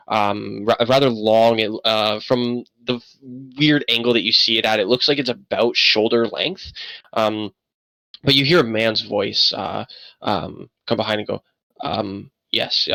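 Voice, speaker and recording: A man narrating a tabletop game as game master, halting and full of fillers. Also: lowish voice, pushed and bright, dry recording, low-quality recording.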